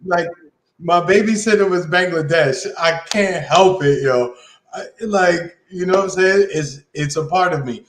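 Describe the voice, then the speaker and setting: A man co-hosting a podcast, talking in a slangy and playful way. His voice is a bit high, and his room audio is echoey. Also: a little slow, a bit bright, a little hiss or hum. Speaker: podcast co-host. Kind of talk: casual podcast chat.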